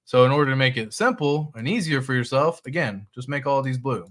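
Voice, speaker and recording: Man, mid pitch, relaxed livestream host who reads chat and cusses casually. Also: brisk. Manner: loose and conversational, swears, reads viewer chat.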